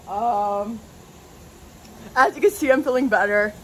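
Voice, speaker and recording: A woman with a slightly high voice rants casually to her camera at home. She is out of breath, and her talk rambles and turns emotional, padded with "like". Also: measured pace, slight background noise. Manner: rambling, emotional, heavy use of "like". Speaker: vlogger. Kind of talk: casual vlog rant.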